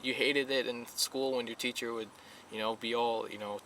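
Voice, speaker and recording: A man's voice: medium pitch, fairly even intonation, normal speed, pushed and bright, slight background noise. A young man, a police recruit, talking earnestly in a casual podcast interview, full of fillers and repeated phrases.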